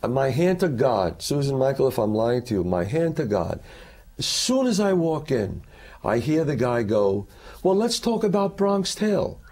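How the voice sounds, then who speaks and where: A man, an actor, talking as a guest in an interview and telling animated stories in which he acts out other people's lines. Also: medium pitch, normal speed. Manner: lively storyteller who acts out the quotes.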